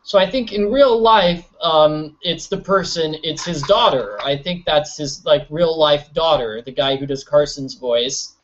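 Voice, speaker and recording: A man's voice: a little high, a little slow, few pauses. A man giving casual, rambling gameplay commentary, joking at his own expense and stumbling over restarts. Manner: rambling, self-mocking, stammering restarts. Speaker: let's play commentator. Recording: dull lo-fi recording.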